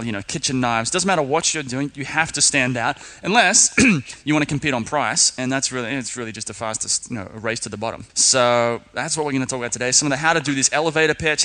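A man's voice: medium pitch, bright, forceful tone. An Australian man hosting a podcast interview, chatting casually and a little self-consciously about his careful on-air diction. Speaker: podcast host.

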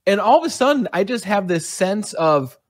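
A man's voice: high voice, lively intonation, moderate pace, no room sound, studio quality. A man hosting a podcast, telling a personal story in an earnest, talkative way. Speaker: podcast host. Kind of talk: conversational interview.

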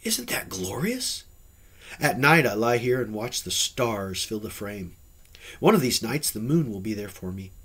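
A man voicing an exuberant, lanky young male dreamer in an audiobook, talking eagerly and sometimes dropping to a hush. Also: fairly low pitch, sing-song, unhurried, breathy edge, exaggerated voice.

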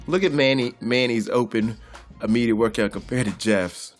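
A man doing loud, profane, comedic boxing commentary in a vlog, laughing often and calling out like a preacher. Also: medium pitch, moderate pace, faint music behind. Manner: boisterous, profane, laughs a lot, preacher-style call-outs. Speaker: boxing vlogger.

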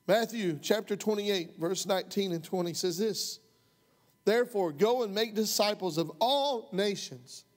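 A man preaching a sermon as pastor, folksy and impassioned, rising to heated outbursts. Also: sits high. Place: church sanctuary. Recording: long hall reverb.

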